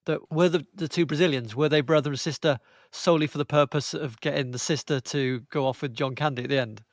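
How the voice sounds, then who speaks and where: A man's voice: a little high, steady tone, quick pace, no room sound, clean studio sound. A man co-hosting a podcast, asking questions about a film in a chatty way.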